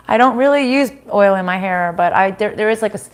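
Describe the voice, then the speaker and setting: Middle-aged lady chatting thru a live tarot reading at home, talky and loose, swears a bit. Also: medium pitch. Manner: chatty, swears, laughs, often reads live chat. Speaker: tarot reader doing a live stream. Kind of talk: casual live-stream chat and reading.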